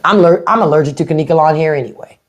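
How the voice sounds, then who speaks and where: A podcast host doing a live stream gives unfiltered commentary, speaking bluntly and with plenty of profanity straight to her viewers. Her voice sits low and comes rapid-fire, muffled through a phone or webcam mic.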